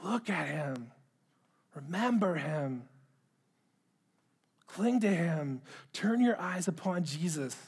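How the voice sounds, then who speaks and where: A man's voice: a little high, animated, slow, gravelly, long pauses, breathy edge. A middle-aged man preaching a sermon, earnest, often repeating words as he starts a phrase. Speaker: pastor.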